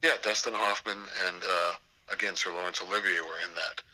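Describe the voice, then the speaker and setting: Older guy, theater prof, spinning stories, lowish voice, really bright and forceful, gets animated. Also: brisk, rough recording. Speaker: theater professor. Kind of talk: storytelling interview over a call.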